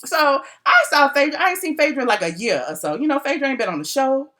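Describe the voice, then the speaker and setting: Animated, bright-voiced woman gossiping. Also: fast talker. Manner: animated, acts out quotes in a high voice, laughs often. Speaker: blogger doing a live video. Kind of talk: casual gossip chat to viewers.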